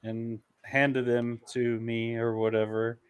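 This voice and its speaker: A man's voice: medium pitch, level tone, slow pace, clean tone, no room sound. A young man chatting casually on a stream, telling a story in a laid-back, crude way. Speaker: guest on stream.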